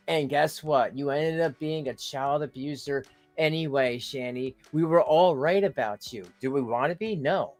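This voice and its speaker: A man rants in reaction commentary, heaping sarcasm and scorn on his target. His voice sits a little higher than most men's, and soft music plays faintly underneath. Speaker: commentary channel host.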